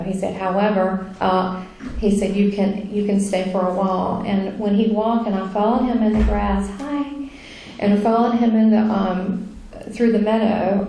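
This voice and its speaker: A woman telling her near-death story in a chatty, animated way, full of fillers. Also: mid-range voice, gravelly. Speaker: speaker sharing a near-death experience. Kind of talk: casual spoken testimony. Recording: very echoey room.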